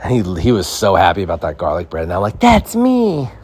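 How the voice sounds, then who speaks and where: A man's voice: sits low, fast, darkish tone, slightly rough. A young man from California hosting a podcast, telling rambling comic stories in casual, swearing slang. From California, United States. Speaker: podcast host.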